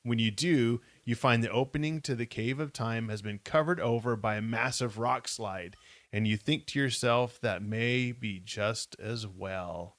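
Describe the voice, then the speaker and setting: A man co-hosting a casual podcast, reading passages from a kids' adventure book at a steady pace and dropping wry remarks. His voice sits at an ordinary middle pitch. The sound is close and dry. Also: normal speed, no echo. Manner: steady reader, wry comments. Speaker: podcast co-host.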